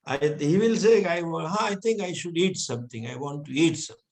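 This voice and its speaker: A man from India, teaching a scripture class with patient explanations and frequent soft chuckles. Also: on the high side, expressive, a little fast. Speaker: Vedanta teacher. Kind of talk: scripture lecture.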